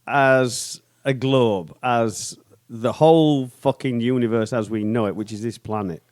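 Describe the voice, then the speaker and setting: A man's voice: mid-range voice, measured pace, a little mellow. A man co-hosting a podcast, talking in a rambling, profane way with many restarts. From Canada. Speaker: podcast co-host. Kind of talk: casual chat.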